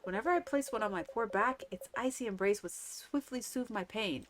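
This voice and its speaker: A woman's voice: medium pitch, noisy background, lightly acted. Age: elderly. Figure: a woman reading as an aching old man. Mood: weary. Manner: slow, weary, complaining.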